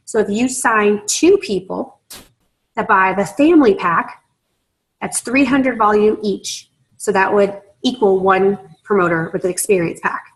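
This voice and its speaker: A woman's voice: mid-range voice, unhurried, rough recording. A woman leading a sales training session, talking in a persuasive, conversational way and often checking in with her listeners. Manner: persuasive, conversational, checks in with "right?" and "you understand?". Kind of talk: training talk to a group.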